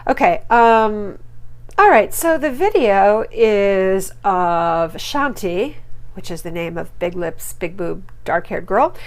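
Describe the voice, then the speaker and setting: A woman with a mid-range voice hosts a chatty reality-TV recap. She gossips with plenty of ums and fillers. Her voice leaps up sharply whenever she lands a punchline. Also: slow pace. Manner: animated, with sudden high jumps on punchlines. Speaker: podcast host. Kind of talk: casual TV recap commentary.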